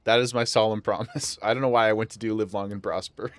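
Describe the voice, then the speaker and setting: A man's voice: on the low side, fairly even intonation, quick pace, no room sound. A man streaming a video game from home, joking and laughing a lot as he chats and reads the game's dialogue aloud. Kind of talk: casual live gameplay commentary.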